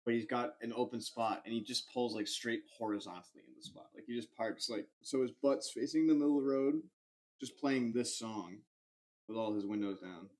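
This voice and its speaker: A young man hosting a podcast, telling a rambling, animated anecdote full of fillers and swearing. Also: mid-range voice, fairly quick. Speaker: podcast host. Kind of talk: casual storytelling.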